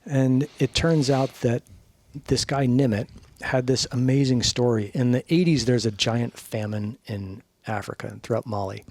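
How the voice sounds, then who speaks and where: Guesting on a podcast, a middle-aged man swaps stories with animated energy, cursing freely and performing other people's lines. He has a mid-range voice at a moderate pace, recorded with no echo.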